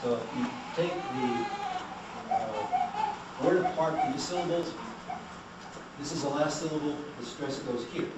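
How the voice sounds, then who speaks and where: A man's voice: fairly high pitch, wildly swooping pitch, a little slow, pauses often. Man lecturing in a very echoey room. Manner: explanatory, asks the class questions. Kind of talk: classroom lecture. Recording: very echoey, distant, noisy room recording.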